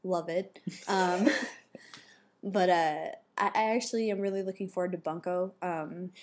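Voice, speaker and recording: A woman's voice: lowish voice, steady tone, a little slow, darkish tone. A woman co-hosting a casual podcast, talking in a chatty, rambling way with lots of fillers. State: pregnant. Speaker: podcast co-host and mother. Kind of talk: casual chat.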